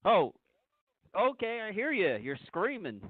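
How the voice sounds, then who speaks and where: A man's voice: high-pitched, very animated, a little slow, no room sound. A man calling into a radio show, insistent and repeating himself, asking not to be interrupted. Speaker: caller. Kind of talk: call-in phone conversation. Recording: dry, tinny phone line.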